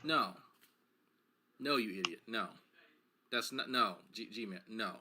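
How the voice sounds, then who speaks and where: A man's voice: on the low side, slow, background noise. A man giving casual, sarcastic and exasperated commentary while reacting to a video.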